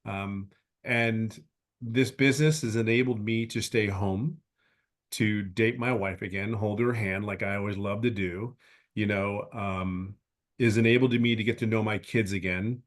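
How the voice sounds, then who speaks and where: On a webinar video call, a man in his fifties gives a heartfelt personal testimonial, speaking earnestly in halting sentences that keep restarting. His voice is on the low side, with fairly even intonation.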